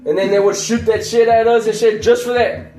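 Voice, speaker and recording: Мужчина непринуждённо рассказывает бессвязную историю, много ругается и часто смеётся; на фоне тихо звучит музыка. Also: male voice, extremely high pitch, fairly even intonation, brisk, warm tone, soft background music. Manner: profane, rambling, laughs often. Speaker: channel host. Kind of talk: casual storytelling.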